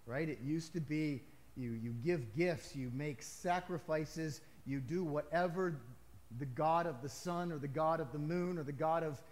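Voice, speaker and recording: Emphatic, fairly high-voiced male pastor. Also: unhurried, darkish tone. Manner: conversational preaching with emphatic rises and asides. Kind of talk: sermon.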